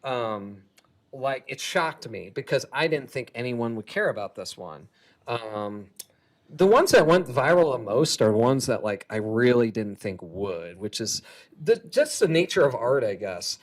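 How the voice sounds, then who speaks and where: A man giving a keynote talk as a comic artist, lively and chatty, laughing often. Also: mid-range voice, measured pace. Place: conference hall stage.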